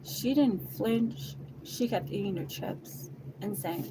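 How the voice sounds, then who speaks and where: A woman's voice: mid-range voice, slow pace. A woman telling a personal testimony in an emotional first-person way, blunt and heavily profane. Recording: noisy background.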